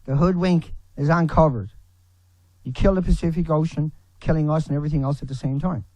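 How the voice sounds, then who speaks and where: A man delivering a furious, profanity-laden rant to camera, breaking into shouts. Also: on the high side, steady tone, a little fast, dry recording, poor audio. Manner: furious, swearing, shouting in bursts.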